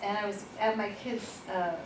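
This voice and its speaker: A woman presenting a workshop, telling personal stories in a lively, informal way and laughing at herself. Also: medium pitch, moderate pace. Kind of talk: personal storytelling in a workshop talk. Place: workshop room. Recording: echoey room, far from the mic, noisy.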